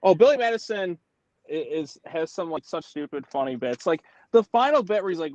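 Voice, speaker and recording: A man chatting casually on a stream, excitable and laughing often. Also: fairly high pitch, a little fast, a little hiss or hum. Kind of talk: casual chat.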